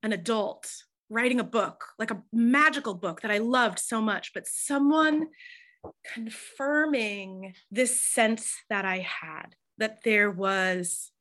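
A middle-aged woman, a hospice chaplain, telling stories in an interview with emphatic, animated delivery and frequent fillers. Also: fairly high pitch, slow. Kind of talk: conversational storytelling interview.

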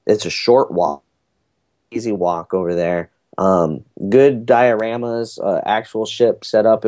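A podcast guest with a warm, fairly low voice talks casually about a cruise he took with his family, rambling and filling the story with many fillers.

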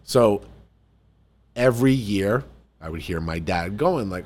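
A man from the New York area, telling family stories in casual podcast chat, animated and full of restarts. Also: fairly low pitch, measured pace. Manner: animated storyteller, restarts sentences.

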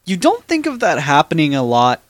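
A man's voice: a little high, wildly swooping pitch, fairly quick, no room sound. A young man co-hosting a casual podcast, chatty and rambling, swearing offhandedly. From Florida. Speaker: podcast co-host. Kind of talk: casual chat.

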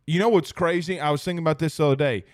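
A man's voice: on the high side, rapid-fire, dry recording, clean studio sound. Upbeat man hosting sports talk. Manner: laughs easily, loose and joking. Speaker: sports show host. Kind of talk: casual sports talk livestream.

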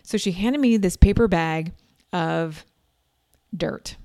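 A woman in her forties telling a personal story in a chatty, animated way, acting out quoted lines. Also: lowish voice, slow pace, creaky, no room sound, studio quality. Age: 40s.

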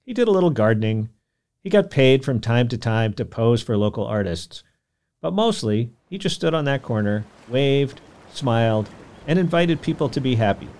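A man hosting a podcast, telling a history story in scripted documentary narration with an expressive delivery. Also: mid-range voice, normal speed. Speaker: podcast host.

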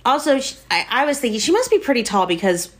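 A woman co-hosting a podcast in casual chat, reacting with quick laughs and exclamations. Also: a little high, big pitch swings. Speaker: podcast co-host.

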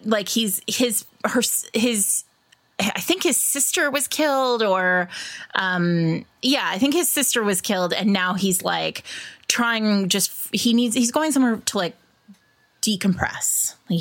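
A woman's voice: medium pitch, lively intonation, unhurried. A woman hosting a podcast, chatting casually and rambling with many fillers and frequent laughs. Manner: rambling, full of "like" and "um", laughs often. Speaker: podcast host.

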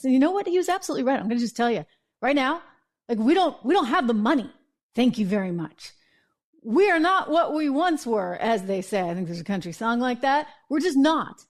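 A woman hosting an opinionated political commentary show, chatty and sarcastic, with quick asides and self-corrections. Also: a little high, big pitch swings.

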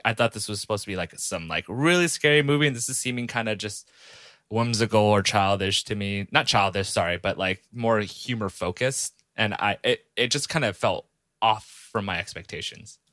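A young man giving his take on a film in a casual podcast chat, pausing often and choosing his words with care. His voice is fairly low but bright and forward, recorded dry and close. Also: no echo. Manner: hesitant, many fillers and restarts, slow and careful. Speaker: podcast co-host. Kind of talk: casual movie review chat.

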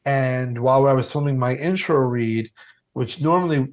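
Male TV food host, mid-pitched, a profane and animated raconteur. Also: normal speed. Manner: animated, swearing, acts out voices. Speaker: TV food show host, interview guest. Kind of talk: casual interview storytelling.

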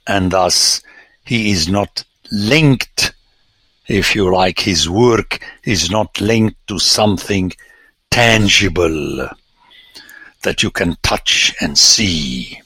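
Slow, husky priest lecturing on scripture. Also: male voice, low-pitched, no echo. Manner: animated, exclaiming, theatrical emphasis.

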